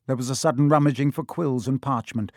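A man reading a children's novel aloud in a measured, expressive storybook narration. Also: mid-range voice, no room sound, studio quality. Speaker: audiobook narrator.

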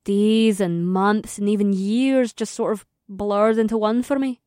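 A man voicing a chirpy young female spirit companion, bright and lightly teasing, in an audiobook. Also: high-pitched, steady tone, unhurried, clean tone, no echo, clean studio sound, pitched above the performer's own voice. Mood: musing. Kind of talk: audiobook character voice.

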